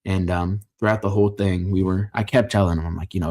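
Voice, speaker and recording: A man's voice: sits low, steady tone, fast, hardly any pauses, a little mellow. A man hosting a casual fight-card reaction, opinionated and joking, often stopping to correct himself mid-sentence. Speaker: MMA fight reaction host.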